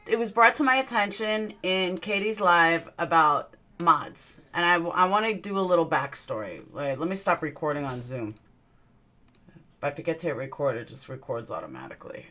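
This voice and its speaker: A woman's voice: lowish voice, bright, forceful tone. A young woman with a Southern US accent, hosting a casual livestream and greeting her viewers one by one in an upbeat way. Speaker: livestream host.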